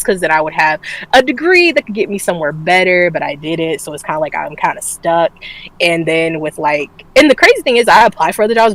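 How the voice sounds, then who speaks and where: A woman's voice: lowish voice, dry recording, low-quality recording. A woman co-hosting a casual streamed talk show, telling a personal story candidly, swearing freely and laughing often. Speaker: podcast co-host. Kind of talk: casual chat.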